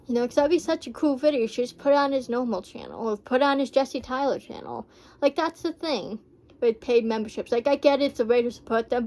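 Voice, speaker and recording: A woman's voice: on the high side, darkish tone. A woman vlogger rambling heartfelt reaction commentary, full of fillers.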